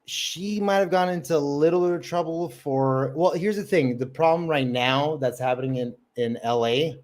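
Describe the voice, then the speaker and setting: An open mic comedian with a voice on the high side and a darkish tone hosts a casual livestream chat at a moderate pace. He rambles, swears a lot, and fills gaps with filler words.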